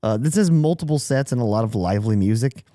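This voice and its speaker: A man's voice: medium pitch, animated, quick pace, warm tone, no echo, clean studio sound. A man co-hosting a podcast, chatting casually and enthusiastically, swearing freely. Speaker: podcast co-host. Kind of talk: casual chat.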